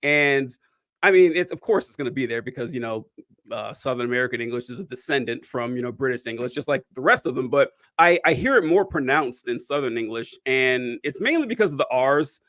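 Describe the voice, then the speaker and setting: A man hosting a casual podcast conversation, talking in an animated way with quick asides. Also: mid-range voice, no echo, clean studio sound. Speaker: podcast host.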